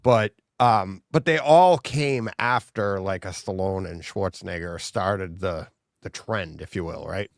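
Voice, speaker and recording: A man's voice: sits low, unhurried, no room sound, studio quality. A man co-hosting a podcast in casual chat, rambling and laughing often. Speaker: podcast co-host.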